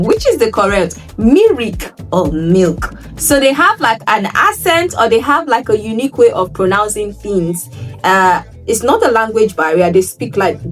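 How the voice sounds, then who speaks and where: A woman from Nigeria telling stories to her travel vlog viewers, animated, often repeating words for emphasis. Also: medium pitch, far from the mic. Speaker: travel vlogger. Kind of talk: casual vlog storytelling.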